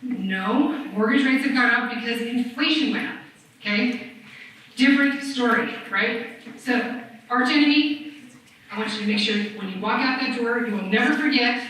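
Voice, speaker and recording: A woman's voice: a little high, recorded from a distance, a little hiss or hum. Joking woman presenting in an echoey hall. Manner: lively, joking, asks the audience questions. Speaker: presenter at a realtor seminar. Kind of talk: live seminar presentation.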